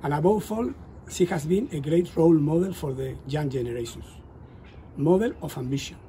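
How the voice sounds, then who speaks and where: A man delivers an earnest, measured tribute. His voice is very dark and mellow yet slightly high, with faint ambient noise behind him. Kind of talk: formal spoken tribute.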